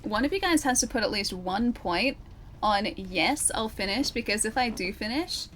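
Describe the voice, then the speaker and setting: A woman's voice: mid-range voice, lively intonation, moderate pace, fairly bright tone, faint music behind. A woman streaming a video game, chatting casually, laughing often and greeting viewers by name. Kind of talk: casual chat while playing a game.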